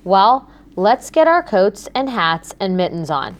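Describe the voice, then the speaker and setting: A calm, gentle grown-up babysitter, voiced by a woman reading aloud speaks from a storybook. She stays unhurried and soothing, with a voice of middling pitch. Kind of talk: audiobook character voice.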